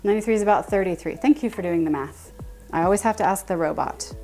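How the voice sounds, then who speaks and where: A woman's voice: lowish voice, quick pace, a little mellow, faint music behind. A woman in her thirties chatting casually with her live-stream viewers while baking in her home kitchen, answering chat and laughing often. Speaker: livestream baking host.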